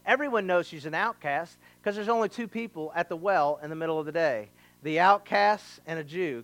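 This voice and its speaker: A man pastor preaching a sermon, animated, acting out voices of people in the story and talking directly to the congregation. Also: sits high. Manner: animated preaching with acted quotes and asides.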